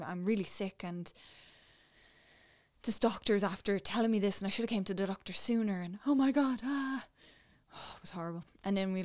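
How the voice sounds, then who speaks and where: A young woman with an Irish accent, casually telling a personal story, dropping to a hush and then getting excited. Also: mid-range voice. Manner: animated, swings between hushed and excited. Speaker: new mother telling her story.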